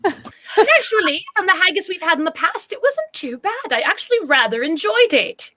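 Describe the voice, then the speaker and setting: A woman's voice: very high-pitched, big pitch swings, normal speed, sharp tone. A woman co-hosting a comedy show in character, prim and playfully teasing in the banter. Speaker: co-host.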